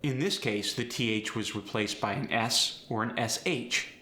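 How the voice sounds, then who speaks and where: A man's voice: mid-range voice, moderate pace, pushed and bright, roomy sound. A man coaching an accent, explaining sounds step by step. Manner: clear, step-by-step teaching. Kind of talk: instructional explanation.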